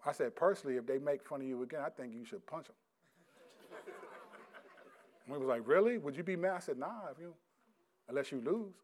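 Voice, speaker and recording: A middle-aged male pastor preaching a sermon, reading scripture loudly and slowly, then dropping into quiet, casual stories about his sons. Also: mid-range voice, slight background noise. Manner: swings from loud emphatic scripture reading to quiet storytelling.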